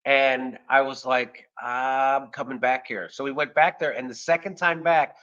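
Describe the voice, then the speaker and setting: Male host, bright forceful voice, lively swearing raconteur, slightly muffled audio. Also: mid-range voice, measured pace. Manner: animated, profane, acts out quoted dialogue. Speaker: podcast host. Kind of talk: casual storytelling chat.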